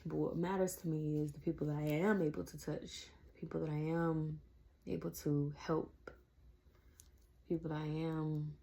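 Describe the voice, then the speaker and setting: A woman's voice: low voice, normal speed, gravelly. Chatty woman vlogger around forty. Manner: chatty, animated, addresses viewers as y'all. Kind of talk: casual chat to camera.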